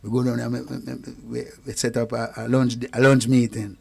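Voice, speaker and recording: A man with a Jamaican accent, a guest singer telling lively anecdotes in patois and acting out the people he quotes. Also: medium pitch, normal speed, vocal fry. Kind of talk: anecdotal storytelling chat.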